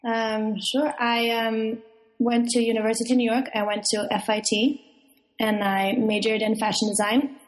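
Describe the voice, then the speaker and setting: Flat-voiced woman guest. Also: on the high side, normal speed, rough recording. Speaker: interview guest, fashion entrepreneur. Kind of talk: interview answers.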